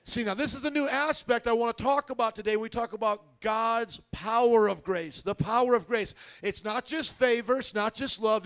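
High-voiced preaching male pastor. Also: a bit bright. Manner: emphatic preaching with call-and-response prompts. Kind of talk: sermon. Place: church.

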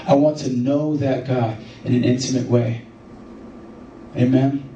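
A man preaching a sermon as pastor, telling stories in an animated way and rising to excited emphasis. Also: medium pitch, unhurried, lo-fi sound, a little hiss or hum. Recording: echoey room from far off.

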